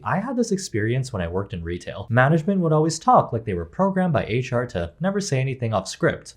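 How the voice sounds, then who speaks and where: Husky sarcastic man. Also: mid-range voice. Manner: sarcastic, deadpan jokes. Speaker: YouTuber. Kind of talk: casual commentary.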